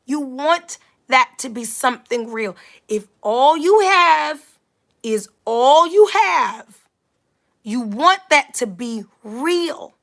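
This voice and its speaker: A woman's voice: high-pitched, animated, slow, vocal fry, fairly bright tone. A young adult woman giving a motivational talk in an emphatic, repetitive preaching cadence, her voice slightly scratchy from allergies. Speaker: motivational speaker.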